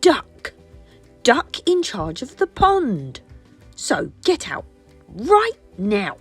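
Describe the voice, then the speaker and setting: Lady putting on a bossy duck, loud and snappy, swoops way up high, soft music under it. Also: huge pitch swings, extremely slow, slightly rough, exaggerated voice. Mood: bossy shouting. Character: bossy self-important male duck.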